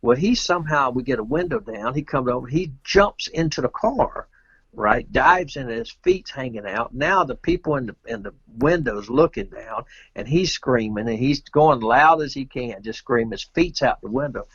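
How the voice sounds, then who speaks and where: Husky man telling a story. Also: mid-range voice, moderate pace, no echo, muffled recording. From Georgia, USA. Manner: rambling, animated anecdote telling. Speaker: guest, pro pool player. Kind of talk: casual storytelling interview.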